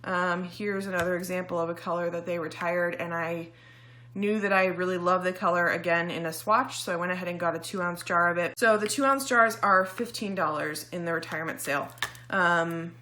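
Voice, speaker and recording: A woman talking through her nail products in a relaxed, explanatory home-video way, full of little ums. Her voice sits on the low side yet has a sharp, forward brightness. She is a touch short of breath as she goes. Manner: chatty, explanatory, frequent ums. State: slightly out of breath. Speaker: beauty vlogger. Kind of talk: casual product demonstration.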